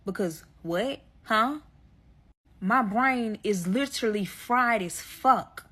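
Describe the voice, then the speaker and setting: A woman with a husky, breathy edge in her voice tells a wild personal story straight to her viewers. Her tone is bright and sharp, and her pitch sits a little high. She swears freely and piles on dramatic emphasis. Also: takes it slowly. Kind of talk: storytime vlog.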